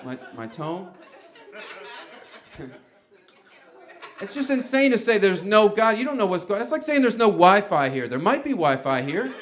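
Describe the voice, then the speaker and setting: A man's voice: high voice, lively intonation, moderate pace, fairly bright tone. A man doing a stand-up comedy set in a rambling, conversational way, often laughing at his own bits. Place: comedy club stage before a live audience.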